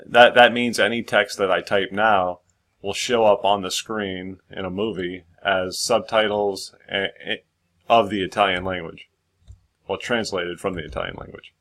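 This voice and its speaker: Male tutor, low-pitched, casual and rambling, restarts mid-sentence, light typing in background. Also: fairly bright tone. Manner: rambling, full of fillers and restarts. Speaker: screenwriting tutor. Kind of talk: casual screen-share tutorial.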